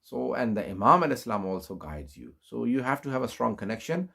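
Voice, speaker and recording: A middle-aged man preaching, telling a religious story slowly with many fillers and rising emphasis. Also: animated, creaky, fairly bright tone, slightly rough. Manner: unhurried, many fillers, rises in pitch for emphasis. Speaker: Islamic preacher. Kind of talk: storytelling sermon.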